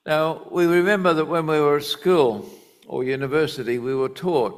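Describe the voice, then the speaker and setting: Slow, deliberate male preacher. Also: on the high side. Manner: deliberate, emphatic Bible teaching. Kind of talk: sermon.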